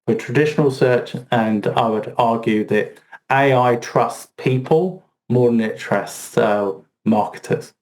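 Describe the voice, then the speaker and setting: A man's voice: medium pitch, unhurried, a little mellow. A man speaking as a podcast guest, rambling with lots of fillers and restarts. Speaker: podcast guest, SEO expert. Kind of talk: casual conversational interview.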